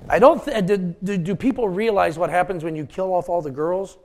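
A preacher man with a gravelly, creaky edge to his slightly high voice. He talks in a folksy, off-the-cuff way, throwing jokes and questions out to his congregation. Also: brisk, darkish tone. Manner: folksy, joking asides to the congregation. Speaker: pastor. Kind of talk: sermon.

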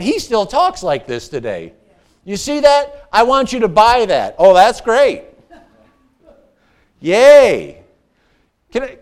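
A man preaching a sermon, with playful asides, call-and-response questions, and swings between excited shouts and hushed, earnest passages. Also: high voice. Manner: rises to excited shouts, drops to hushed tones. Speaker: pastor.

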